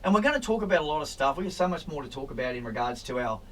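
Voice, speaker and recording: Brief: older Australian man, animated and joking in conversation, recorded from a distance with light hiss. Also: on the high side, racing. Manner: animated, jokey, trails off and restarts. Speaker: podcast co-host. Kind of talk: casual chat. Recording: distant mic with faint hiss.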